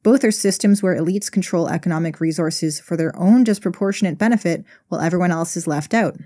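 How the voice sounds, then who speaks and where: A woman's voice: lowish voice, a little fast, dark tone. A woman narrating an explanatory video essay, telling a story in a wry, conversational way.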